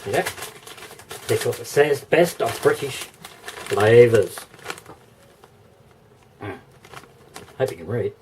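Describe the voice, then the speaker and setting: Slow-talking australian man, chuckling vlogger. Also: medium pitch, expressive, darkish tone, recorded from a distance, a little hiss or hum. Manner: chuckling, rambling, thinking aloud. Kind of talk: casual vlog chat. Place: indoor room.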